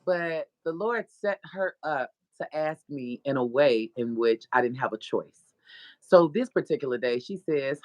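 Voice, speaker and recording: A woman, a podcast guest and author, telling an animated, profane story of her faith. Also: low-pitched, normal speed, no room sound. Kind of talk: casual testimony.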